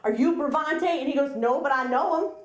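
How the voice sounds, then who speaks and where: A middle-aged woman telling a story on stage at a live story slam, chatty and animated, acting out the voices of the people in it. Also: sits high, moderate pace. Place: small live venue with audience. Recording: roomy live venue sound.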